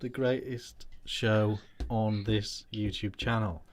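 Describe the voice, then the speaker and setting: A man's voice: lowish voice, steady tone, takes it slowly. A man hosting a casual live show, introducing segments in a laid-back way and repeating his phrases. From United Kingdom. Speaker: host.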